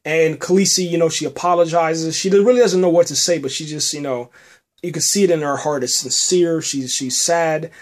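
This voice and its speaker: Halting man recapping a TV episode. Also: fairly high pitch, steady tone. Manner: halting, many restarts, says "man" often. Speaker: podcast host reviewing a TV episode. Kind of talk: casual spoken review.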